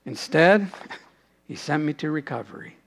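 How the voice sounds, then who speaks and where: A man delivers a sermon in a notably high, light voice. He preaches earnestly and sinks to a hushed tone in prayerful moments. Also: lively intonation, unhurried, vocal fry. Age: adult, father has passed away. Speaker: pastor.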